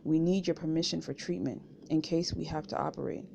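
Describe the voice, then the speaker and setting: A woman's voice: deep voice, fairly even intonation, vocal fry, highs cut off, background noise. A woman reading an insistent hospital nurse. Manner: slow, over-enunciated repeated questions.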